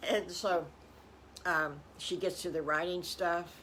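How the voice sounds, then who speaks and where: An older woman improvises a children's story, speaking very slowly in a somewhat low voice. She is folksy and breaks off for chuckling asides to her young listeners. A faint hiss sits under the voice. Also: big pitch swings.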